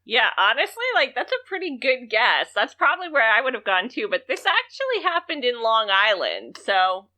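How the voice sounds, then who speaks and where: A woman's voice: a little high, sing-song, moderate pace, hardly any pauses, pushed and bright. A woman co-hosting a comedy podcast, chatting casually and firing off incredulous questions. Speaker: podcast co-host.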